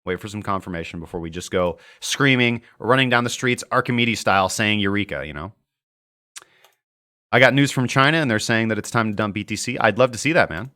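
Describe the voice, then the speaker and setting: A man's voice: fairly low pitch, a little fast, sharp tone. A young man hosting a casual live market-analysis stream, chatty and joking as he reads viewer comments aloud. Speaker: crypto trading livestream host.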